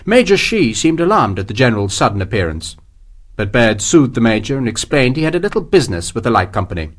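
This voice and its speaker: A man narrating an audiobook with a measured, expressive storytelling manner. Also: mid-range voice. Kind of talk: scripted narration.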